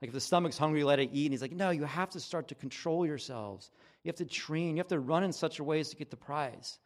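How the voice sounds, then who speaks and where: A man's voice: a little high, fast. A middle-aged man preaching a sermon in a conversational way, acting out both sides of the exchanges he retells. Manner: conversational and animated, acting out dialogue. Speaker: pastor.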